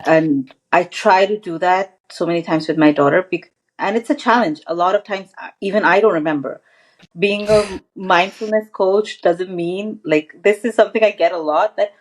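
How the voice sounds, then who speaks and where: A woman guest on a podcast, a mindfulness coach, talking in an earnest, reflective way. She often restarts her sentences and fills them with "like". Her voice sits a little low. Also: normal speed. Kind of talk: casual interview chat.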